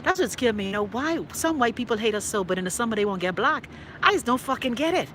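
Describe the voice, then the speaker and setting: A woman's voice: on the high side, expressive, fast, a bit bright, a little hiss or hum. A middle-aged woman with a Bahamian accent hosting a live talk show. She rants in a brash, profane way and teases her viewers by name. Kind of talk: casual live-stream rant.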